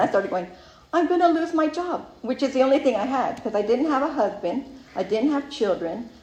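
Woman telling her story in a roomy space. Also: on the high side. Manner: animated storyteller who acts out her own past thoughts. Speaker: speaker sharing a recovery story. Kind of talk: personal testimony. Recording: roomy sound with faint ambience.

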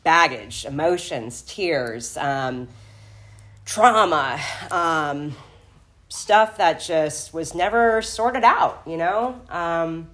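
A woman with a low voice shares her recovery story in an emotional, tearful way. She rambles along with plenty of fillers and restarts. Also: extremely slow, a bit bright. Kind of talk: personal testimony at a recovery meeting.

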